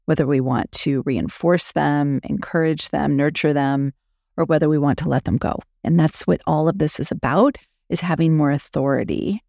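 A woman hosting a solo podcast as a coach, talking in a calm, reflective way and often checking in with "right?". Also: sits low, creaky, dry recording, clean studio sound. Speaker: podcast host and coach for physicians.

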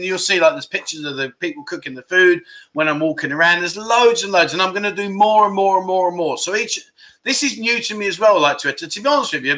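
A man's voice: fairly high pitch, pushed and bright. A man hosting a casual livestream, chatty and jokey, bantering with viewers and reading out their comments in slangy, easygoing talk. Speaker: livestream host.

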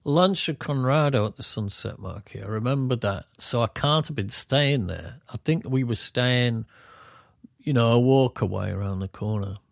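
A man's voice: mid-range voice, normal speed, vocal fry, no echo, studio quality. A middle-aged man with a Yorkshire accent, co-hosting a podcast and telling rambling, self-deprecating stories. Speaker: podcast co-host. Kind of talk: casual chat.

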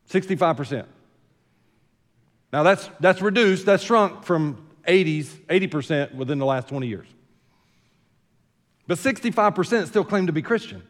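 High-voiced Southern preacher in a reverberant hall. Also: male voice, animated, normal speed, long pauses. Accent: Southern American. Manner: folksy preaching, swinging from quiet asides to loud emphatic lines. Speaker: senior pastor. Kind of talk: sermon.

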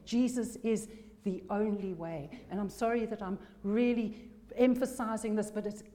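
A woman delivers a sermon in a mellow, warm voice. She is emphatic and hammers home key phrases through repetition. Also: mid-range voice, normal speed, a little hiss or hum. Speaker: preacher.

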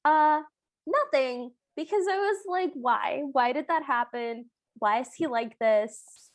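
A woman with a high, light voice chats her way through a film recap on a podcast. She keeps jumping into quick impressions of the characters as she tells the story. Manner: animated, acts out characters' lines while retelling. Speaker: podcast co-host. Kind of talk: casual chat recapping a film.

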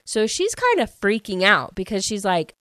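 A woman casually recapping a novel's plot, chatty and animated and full of fillers. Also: mid-range voice, moderate pace, clean tone, no echo. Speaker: book reviewer.

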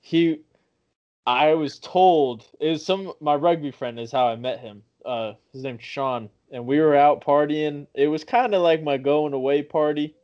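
A man's voice: a little high, measured pace. A young man telling a rambling story in casual talk, swearing often and correcting himself as he goes. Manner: profane, rambling, self-correcting. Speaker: podcast guest. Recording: dull lo-fi sound.

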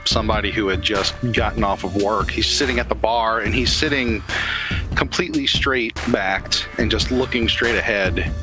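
Guy describing the scene, easygoing and low, music under him. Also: normal speed. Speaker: game master. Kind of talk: narrating a recap scene.

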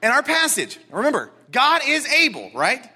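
Excitable preacher guy in a church, really high voice, bright and punchy, goes loud then drops to a hush. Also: moderate pace, breathy edge. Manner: excitable, emphatic, swings from loud to hushed. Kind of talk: expository sermon. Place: church sanctuary with a seated congregation.

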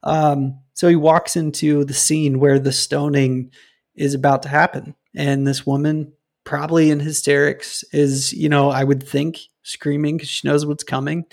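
A man's voice: fairly high pitch, little pitch movement, unhurried, creaky, darkish tone. A man co-hosting a casual faith discussion, retelling a Bible story in a loose, conversational way with many fillers.

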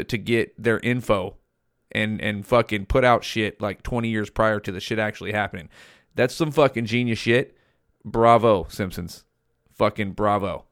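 In a studio-quality recording with no echo, a podcast host from California rants on his own show. The young man's mid-range voice has a fairly bright tone, and his casual solo monologue is blunt and heavy on swearing.

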